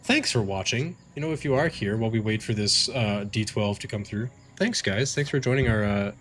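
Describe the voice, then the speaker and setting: A man's voice: lowish voice, fairly quick, a bit bright, a little hiss or hum. A man narrating as game master of a tabletop game stream, casual and rambling with fillers and restarts.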